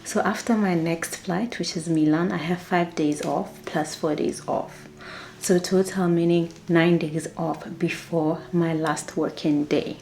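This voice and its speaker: A young woman, a flight attendant chatting excitedly in a casual vlog. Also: on the low side, measured pace, a little hiss or hum, poor audio. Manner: chatty, excitable, acts out quotes.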